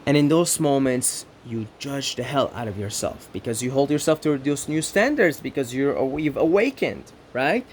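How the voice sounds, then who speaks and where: A man's voice: mid-range voice, expressive, normal speed, hardly any pauses, slight background noise. A man from the Middle East giving an earnest, reflective self-help monologue, often checking in with "right?" and building rhythmic lists. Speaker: spiritual self-help speaker.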